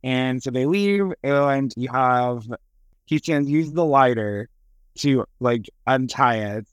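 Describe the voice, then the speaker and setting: A man's voice: medium pitch, slow pace, smooth. A man co-hosts a casual movie podcast with eager energy and plenty of fillers. His voice sits in a mid range. The recording is dry and close, with no echo. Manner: enthusiastic, lots of fillers, acts out quotes. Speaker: podcast co-host. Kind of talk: casual chat about a movie.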